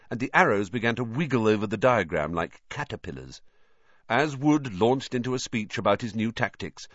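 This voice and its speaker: Expressive man reading a storybook. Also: fairly low pitch, no room sound, dull audio. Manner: expressive storyteller voicing every character. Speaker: audiobook narrator. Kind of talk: scripted audiobook narration.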